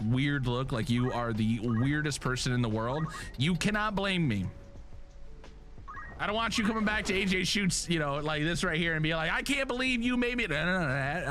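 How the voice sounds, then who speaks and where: A man streaming a game live, chatting casually and jokingly straight to his viewers. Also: fairly high pitch. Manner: animated, joking, talks straight to chat.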